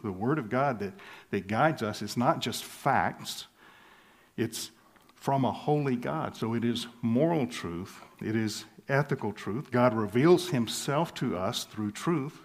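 A man preaching a sermon as pastor, earnest and measured, slowing down for emphasis and chuckling lightly now and then. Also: mid-range voice. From southern United States.

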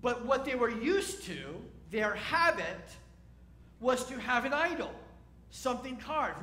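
Speaking slowly, a rabbi with a high, lively voice gives a wry, conversational sermon peppered with questions for his audience. The sound echoes around the hall.

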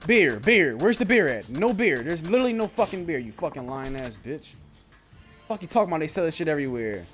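A man's voice: fairly high pitch, big pitch swings, brisk, fairly bright tone, faint music behind. A young man cursing and ranting in exasperation while playing a game, in loose casual gameplay commentary. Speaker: gamer.

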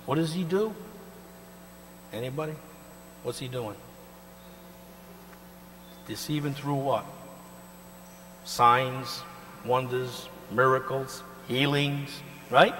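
A man of middle pitch preaching to his congregation, his voice carrying a long echo through the hall. He jumps between forceful emphasis and near-quiet asides, and keeps prompting the listeners to answer his questions. A faint mains hum sits under the recording. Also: slow pace, long pauses. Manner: call-and-response questions to the congregation. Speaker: pastor. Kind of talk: sermon.

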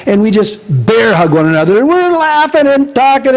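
A pastor giving a casual, chatty sermon, telling personal stories in an animated way and laughing along the way. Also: male voice, very high voice, fairly quick, hardly any pauses, low-quality recording.

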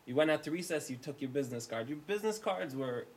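A man's voice: fairly high pitch, quick pace. A man who is a rabbi gives a storytelling lecture from the United States, acting out the voices in his story. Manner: animated storyteller, acts out dialogue.

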